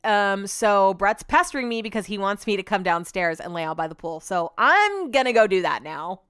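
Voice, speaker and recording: A woman's voice: medium pitch, animated, normal speed, fairly bright tone, smooth, no room sound, studio quality. A woman hosting a podcast at home, telling a story in a chatty way and acting out what other people said. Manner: chatty, acts out others' lines with "he was like". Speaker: podcast host. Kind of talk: casual solo storytelling. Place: room in her home.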